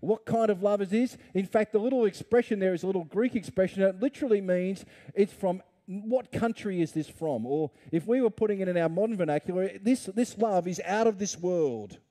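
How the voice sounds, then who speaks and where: A man's voice: high-pitched, a little fast, hardly any pauses, dark tone. A middle-aged man, preaching a conversational sermon full of rhetorical questions and playful asides. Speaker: pastor.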